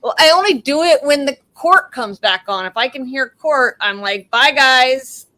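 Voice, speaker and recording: A woman's voice: sits high, lively intonation, moderate pace, a bit bright, rough recording. A woman with a Boston accent hosting a livestream on a video call, chatty and teasing with her guests. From Boston area. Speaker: livestream host. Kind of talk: casual chat.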